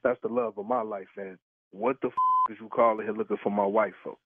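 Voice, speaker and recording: A man's voice: lowish voice, steady tone, brisk, breathy edge, dry recording. A man on a phone call, talking in a slangy, repetitive and indignant way as the target of a prank call. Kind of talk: heated phone argument. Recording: tinny phone line.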